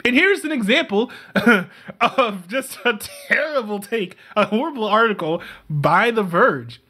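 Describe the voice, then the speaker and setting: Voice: mid-range voice, animated, a little slow, pushed and bright, breathy edge. A speaker giving casual reaction commentary, mocking an article read aloud and laughing often between remarks. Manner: reads text aloud and scoffs at it.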